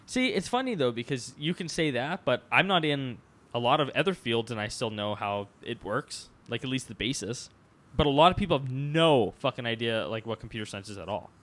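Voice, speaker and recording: A man's voice: mid-range voice, brisk. A young man in his twenties co-hosting a podcast, ranting in casual chat and swearing freely. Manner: profane, ranting, animated. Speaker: podcast co-host.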